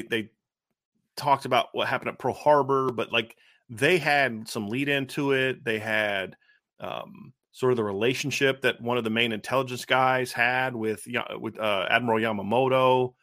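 A man's voice: mid-range voice, fairly even intonation, moderate pace, sharp tone, no echo, studio quality. A man in his thirties co-hosting a casual football podcast, talking emphatically and repeating his points. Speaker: co-host of a college football show.

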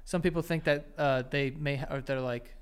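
A young man co-hosting a podcast in casual chat, gossipy and animated, cursing often. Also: on the high side, a little fast, clear, resonant tone. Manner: animated, swears a lot, gossipy. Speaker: podcast co-host.

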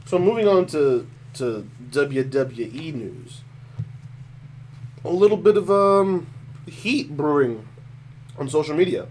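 A man co-hosting a casual podcast, talking in an animated, opinionated way and laughing often. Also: on the high side, slow pace, pauses often, a little hiss or hum. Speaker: podcast co-host. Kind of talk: casual chat.

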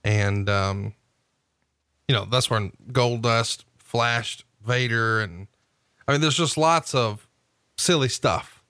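Podcast host guy asking questions n recapping stuff, dry close mic, mid pitch. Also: slow pace, a bit bright, smooth, no room sound. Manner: inquisitive, recaps and asks questions, teasing. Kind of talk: casual podcast chat.

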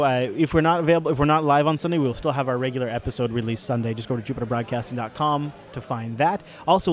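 A man hosting a podcast live from a tech convention, chatting loosely and joking around. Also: fairly high pitch. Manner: joking, loose, laughs often. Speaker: podcast host. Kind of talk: casual live show banter.

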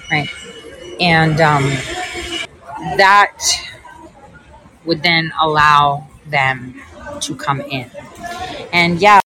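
A woman's voice: lowish voice, fairly bright tone, a little hiss or hum, poor audio. A middle-aged woman talking to her viewers outdoors at an airport smoking spot, rambling and swearing freely with lots of fillers. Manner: profane, rambling, chatty with frequent fillers. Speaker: livestreamer. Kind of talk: casual rambling chat to viewers.

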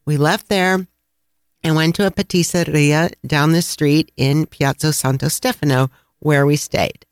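A man with a Chicago accent, co-hosting a travel podcast and telling a lively anecdote with frequent laughs. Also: a little high, unhurried, clean tone, dry recording, studio quality. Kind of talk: casual storytelling chat.

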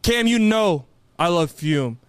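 A man's voice: sits high, animated, slow pace, smooth, no echo. A young man co-hosting a podcast, rambling and giggly with goofy tangents. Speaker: podcast co-host. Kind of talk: casual podcast banter.

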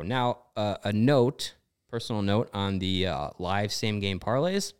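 A man's voice: on the low side, a little slow, clear, resonant tone. A man hosting a sports podcast, chatting loosely about bets and hockey with plenty of fillers. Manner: relaxed, talks through bets and scores with fillers. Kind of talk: casual sports chat with ad reads.

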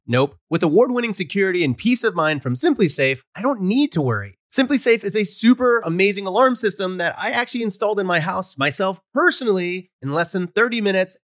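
A man reads a host sponsor spot with a playful, upbeat manner. His voice sits a little high and swings lively in pitch. The sound is close and dry. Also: dry recording. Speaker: podcast host reading ads. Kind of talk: host-read advertisement.

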